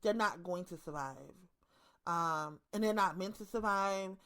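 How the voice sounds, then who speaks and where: A woman's voice: mid-range voice, measured pace, fairly bright tone. A woman in her thirties with a Baltimore accent, talking bluntly and profanely to her viewers in a casual monologue, hammering her points with repetition. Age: 30s. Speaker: online commentator.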